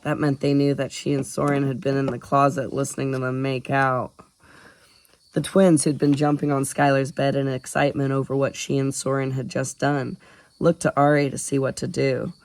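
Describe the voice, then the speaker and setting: A man narrating a novel, mid-pitched and even, in a dry close-mic sound with no room around him. Steady audiobook storytelling. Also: creaky, dry recording. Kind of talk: scripted narration.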